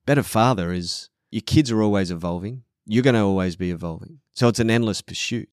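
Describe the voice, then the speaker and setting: A man's voice: lowish voice, a little fast, darkish tone, no echo, studio quality. A middle-aged man on a podcast, speaking bluntly and emphatically, swearing often and acting out quoted voices. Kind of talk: podcast conversation.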